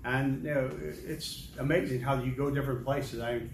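A man's voice: mid-range voice, steady tone, moderate pace. An older American man giving a rambling, humorous church testimony as a missionary, with many restarts and chuckles. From United States. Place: large church hall. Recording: echoey hall, distant mic, ambient noise.

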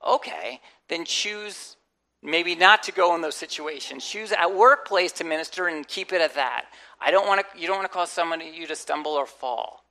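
A woman's voice: lowish voice, normal speed. A woman pastor preaching a conversational sermon, acting out quotes and adding humorous asides. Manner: animated, acts out quotes and inner voices.

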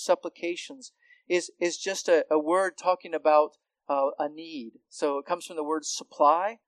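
In a dry, close recording free of room echo, an unhurried man with a slightly elevated pitch teaches scripture expositionally. The Bible teacher is hard of hearing and talks casually, frequently starting phrases over and tossing in tag questions such as "right?"

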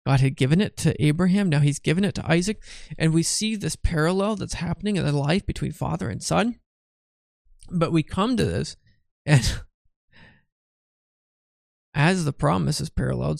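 Guy doing a chatty bible study, sleepy and yawning, kinda high voice, dry close sound. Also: gravelly, darkish tone, dry recording. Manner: chatty, asks "right?" often, restarts phrases. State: tired and yawning. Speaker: Bible teacher. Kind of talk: conversational Bible study teaching.

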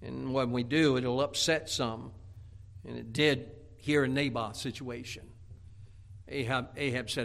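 A man preaching a sermon, telling a Bible story in a lively, dramatic way. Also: mid-range voice, a little slow, vocal fry. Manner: animated storytelling preaching, acting out scripture characters.

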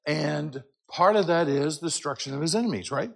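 A man teaching a church class in a conversational way, often checking in with "right?", and reading scripture aloud with loud, drawn-out emphasis. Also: on the high side, vocal fry. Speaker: Sunday school teacher.

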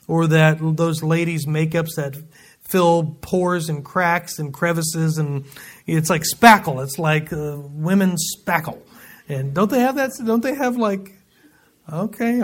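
Man, high-pitched, folksy Bible teacher; casual verse-by-verse study with joking asides. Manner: folksy, joking asides between scripture readings.

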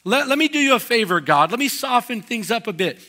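A man's voice: very animated, bright, forceful tone, exaggerated voice. Man doing a pushy salesman voice. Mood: eager, pushy. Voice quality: salesy, fast-talking pitch. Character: pushy, overeager male believer pitching himself as God's marketer.

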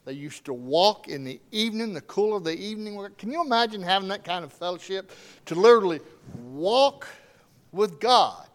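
A man preaching a sermon with strong emphasis, swinging between loud declarations and hushed asides. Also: high-pitched, lively intonation, moderate pace.

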